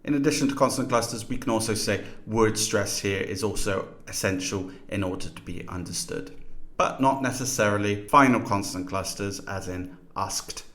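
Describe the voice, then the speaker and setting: A man's voice: lowish voice, normal speed, fairly bright tone. A man teaching a lesson in scripted narration, explaining terms and demonstrating pronunciations aloud.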